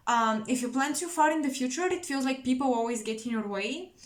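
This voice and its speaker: A woman doing an intuitive tarot reading to camera, musing and searching for words with many pauses. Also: sits high, echoey room. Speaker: tarot reader.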